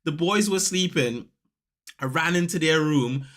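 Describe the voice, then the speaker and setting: Animated high-voiced man telling stories. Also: a little slow. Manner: animated storyteller, acts out quotes, laughs often. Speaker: podcast co-host. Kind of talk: casual chat.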